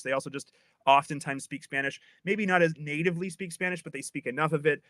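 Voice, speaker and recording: Bright-voiced chatty linguist man. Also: medium pitch, no room sound. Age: 30s. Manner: animated, chatty, with frequent restarts. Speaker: guest linguist. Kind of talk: casual explanatory chat.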